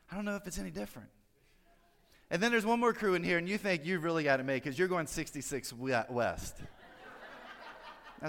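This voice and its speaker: A man's voice: sits high, fairly bright tone, long reverb tail. A pastor giving a conversational sermon, drawing his listeners in with friendly tag questions.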